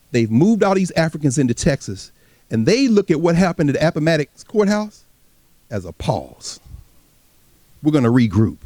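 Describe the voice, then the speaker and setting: This is a man lecturing on history before a live audience, his voice pitched high and bouncing all over its range. He talks in a loose, casual way, addresses the crowd directly and slips into voices from the past. The sound is close and dry, with almost no room echo. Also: darkish tone. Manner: casual, colloquial speech.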